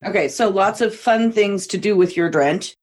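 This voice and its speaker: A woman's voice: mid-range voice, moderate pace, a little mellow. A woman hosting an interview, asking open questions and affirming often.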